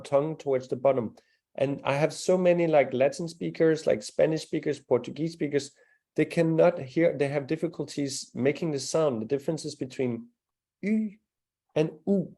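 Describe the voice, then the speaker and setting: A man's voice: on the high side, mellow. A man teaching a live language class, patiently demonstrating sounds and encouraging students.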